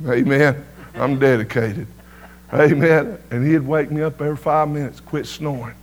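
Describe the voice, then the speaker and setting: Folksy preacher man, slightly high voice. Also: steady tone, moderate pace. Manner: folksy storytelling, peppered with "amen" to the crowd. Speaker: preacher giving testimony. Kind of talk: sermon testimony storytelling.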